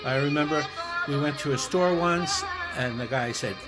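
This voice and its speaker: Chatty storyteller over loud music. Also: medium pitch, normal speed. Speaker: old friend. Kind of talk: reminiscing video message. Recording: recording with loud music behind.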